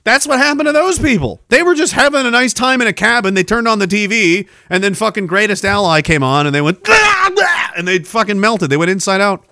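A man hosting a podcast, ranting loudly and profanely with a taunting delivery. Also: sits high, quick pace, hardly any pauses, no echo, clean studio sound. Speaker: podcast host.

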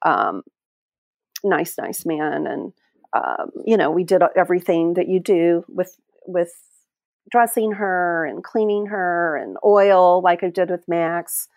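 A middle-aged woman telling a personal story as an interview guest, heartfelt and halting, often restarting her sentences. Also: fairly low pitch, gravelly, darkish tone, dry recording, studio quality. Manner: halting, heartfelt, many restarts and trailing phrases. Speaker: interview guest, end-of-life caregiver.

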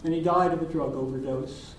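An older man, a minister, giving a sermon in a gentle, reflective storytelling manner with pauses. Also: fairly high pitch, fairly even intonation, slight background noise. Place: church sanctuary. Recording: distant voice in an echoey sanctuary.

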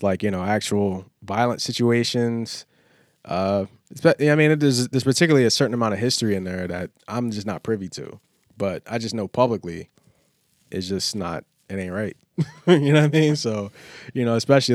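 A man's voice: on the low side, a little mellow, no echo, studio quality. A man chatting casually on a podcast, rambling and laid-back with heavy slang. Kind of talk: casual chat.

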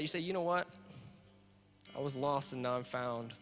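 In a church sanctuary with a reverberant sound and gentle guitar in the background, a man preaches a sermon as pastor. His voice is on the high side at a moderate pace, and he earnestly repeats himself, builds to emphatic points, and closes with a prayer.

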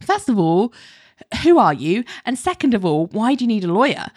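A woman's voice: a little high, sing-song, a little fast, darkish tone, slightly rough, dry recording, studio quality. A woman voicing an amused woman lawyer who asks bemused questions, as she retells a TV episode.

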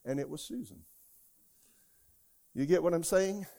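A man preaches a sermon as a pastor. His voice sits a little high for a man. He tells stories from his own life and rises to loud, shouted quotes. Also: measured pace, creaky. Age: 60s. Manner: storytelling, rising to shouts when quoting God.

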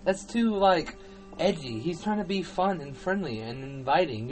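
A man co-hosting a casual podcast, loud and jokey, slipping into silly voices. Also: animated, normal speed, over loud music, low-quality recording. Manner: loud, jokey, breaks into shrill put-on voices. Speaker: podcast co-host. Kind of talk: casual chat.

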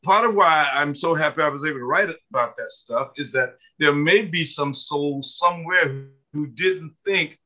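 A man's voice: mid-range voice, sharp tone, poor audio. A man in his seventies from the mountains of the American South, telling folksy, humorous stories as an interview guest. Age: 70s. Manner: folksy, humorous, many fillers. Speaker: author and guest. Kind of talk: storytelling interview.

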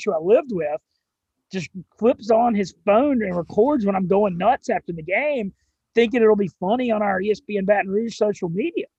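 A young man with a Southern drawl, telling his story as an interview guest in an excited, quick way with some cursing. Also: high voice, slightly rough, dry recording, dull audio. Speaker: sports radio and gambling show host, guest.

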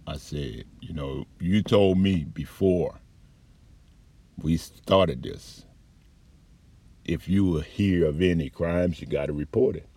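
A man with a low, husky voice tells an angry, rambling story of how he was treated as a patient, swearing often. The sound is dry and close, with no room echo. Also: slow, pauses often, warm tone. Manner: profane, heated, rambling complaint. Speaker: patient telling his story. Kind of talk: angry personal account.

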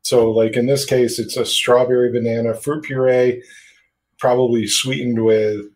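A man's voice: mid-range voice, level tone, normal speed, a little mellow, rough recording. Rambling casual man talking brewing. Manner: rambling, swears casually, lots of fillers. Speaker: podcast co-host. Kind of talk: casual chat about home brewing.

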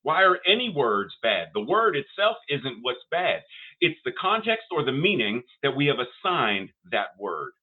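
An older man, a minister, preaching a sermon in a preacherly way, with rising emphatic phrases and pauses. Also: medium pitch, big pitch swings. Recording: tinny phone-like sound.

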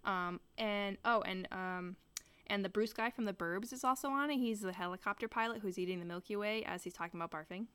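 A woman's voice: mid-range voice, fairly quick, fairly bright tone, clean tone. Young woman, podcast co-host, casual chat, rambly delivery. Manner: rambling, many restarts and fillers.

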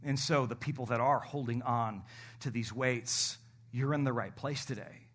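A man's voice: medium pitch, moderate pace, fairly bright tone. A middle-aged man preaching a sermon in a church, building to emphatic calls to the congregation. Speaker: pastor.

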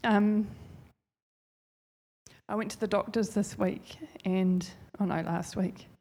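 A woman speaks to a church gathering in a loose, conversational way. Her voice sits at an ordinary middle pitch, and she rambles warmly from one thought to the next with plenty of fillers. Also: steady tone, slow, creaky, breathy edge. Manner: chatty, rambling, heartfelt. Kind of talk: informal sermon testimony.

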